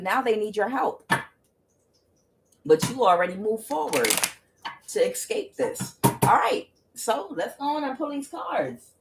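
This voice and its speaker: A woman giving a casual tarot reading to camera, emphatic and exclaiming, talking straight to her viewers. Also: mid-range voice. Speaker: tarot reader.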